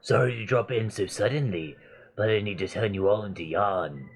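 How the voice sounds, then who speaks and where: A man voicing a scheming, smug old male wizard turtle, reading the game's dialogue in a slow, mocking way. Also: lowish voice, lightly acted.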